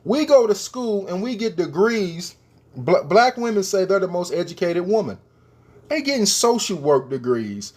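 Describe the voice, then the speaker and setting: Guy ranting at his viewers, lively voice swinging all over, keeps repeating his questions. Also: high-pitched. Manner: emphatic, repeats rhetorical questions; addresses the viewers directly. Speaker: commentator. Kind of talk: opinion rant to camera.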